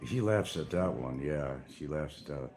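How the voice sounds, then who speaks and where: Low-voiced older man rambling on a livestream. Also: animated, normal speed, music in the background. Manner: rambling, sarcastic, chuckling. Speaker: livestream host. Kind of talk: casual livestream chat.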